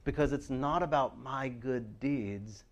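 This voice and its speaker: A middle-aged man preaching a sermon in a loose, conversational way, retelling scripture with lively storytelling. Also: medium pitch, takes it slowly, lo-fi sound. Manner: conversational, animated storytelling with frequent "I mean" and "like". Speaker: pastor.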